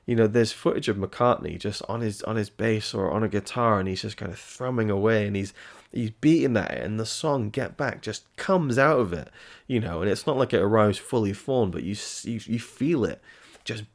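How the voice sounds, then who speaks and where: A man talks through his opinions on a film in a heated, rambling way, often tripping over his own sentences. His voice sits very low and has plenty of gravelly fry. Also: moderate pace. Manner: passionate, rambling, with frequent restarts and swearing. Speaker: film reviewer. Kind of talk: casual opinion monologue.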